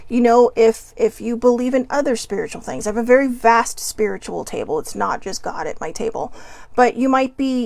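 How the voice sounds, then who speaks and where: Her voice is a little high and a little mellow, with vocal fry, in a dry recording. The woman hosts a casual spiritual chat, reading oracle cards for viewers while rambling cheerfully and adding playful asides.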